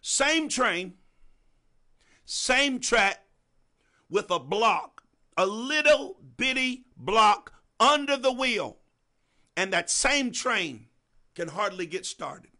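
Animated high-voiced male preacher. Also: very slow, pauses often. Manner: repeats phrases for emphasis, calls on congregants by name; swings between soft and loud. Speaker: preacher teaching a congregation. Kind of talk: sermon.

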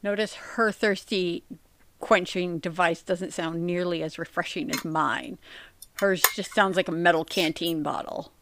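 A woman's voice: fairly low pitch, fairly even intonation, a little slow, a bit bright, slight background noise. A woman co-hosting a casual podcast, cracking crude sarcastic jokes and swearing freely. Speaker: podcast co-host.

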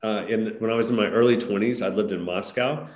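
A middle-aged man from the United States, a guest entrepreneur, telling stories in a relaxed, friendly way with "um" and "you know". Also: on the low side, brisk. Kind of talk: podcast interview. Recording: echoey room.

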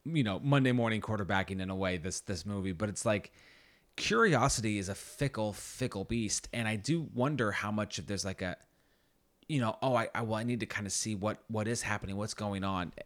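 A man's voice: fairly low pitch, fairly quick. A man co-hosting a casual podcast chat about a movie, often hesitating and repeating his words. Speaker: podcast co-host.

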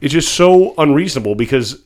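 A man co-hosting a podcast, telling a story in casual chat, animated and profane, acting out the voices in his quotes. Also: fairly high pitch, brisk. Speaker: podcast co-host.

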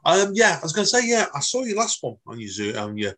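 Husky interviewer, chatty. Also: male voice, a little high, very animated, fast talker, a bit bright. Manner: chatty, enthusiastic, loose phrasing. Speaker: podcast interviewer. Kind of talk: casual interview chat.

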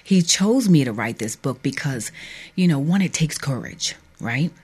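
A middle-aged woman, an author guest on a radio show, giving an earnest, halting personal testimony. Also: low-pitched, lively intonation, a little mellow, slightly rough. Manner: earnest, halting, emphatic at times. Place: radio studio.

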